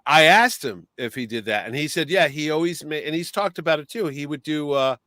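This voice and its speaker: A middle-aged man hosting a casual chat show, animated, breaking into impressions and swearing. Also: on the high side, a little fast, no echo, clean studio sound. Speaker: podcast host.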